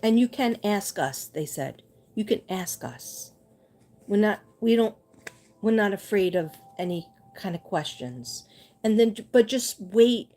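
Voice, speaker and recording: A woman doing a livestream spirit reading as a psychic medium, gentle and reassuring, repeating her messages. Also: mid-range voice, expressive, a little slow.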